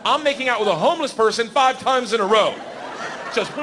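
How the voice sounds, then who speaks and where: A man in his thirties telling a wild story in stand-up comedy, loud and animated, yelling the big moments and laughing through his lines. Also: sits high, a little fast, long pauses, background noise. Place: comedy club stage before a laughing audience. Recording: live hall reverb, faint ambience.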